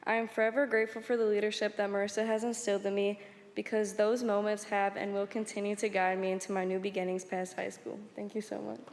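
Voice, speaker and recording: A teenage girl reads a tribute in a steady, even tone with little rise and fall. Her voice is mid-range. A long hall reverb and faint background noise surround her. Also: medium pitch, fast. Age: teens. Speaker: high school student honoring a coach. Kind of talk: prepared speech at a ceremony.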